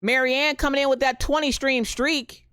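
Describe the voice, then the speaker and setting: On a live stream, a woman in her thirties chats casually and with animation, greeting viewers by name, telling a story, and dropping a Southern "y'all". Her voice is high-pitched at normal speed, with clean studio sound and no room sound.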